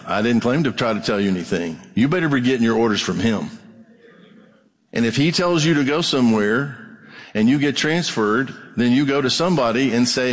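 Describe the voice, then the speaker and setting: Man preaching in a reverberant church hall. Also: a little fast. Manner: conversational preaching, rising in pitch when reading scripture. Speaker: pastor. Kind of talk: sermon. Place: church sanctuary.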